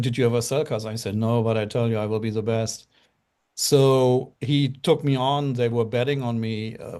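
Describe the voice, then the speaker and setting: His voice mid-range and a touch mellow, a middle-aged German-accented man from Germany shares his story casually on a live show. He comes across as earnest, wandering, and packed with fillers.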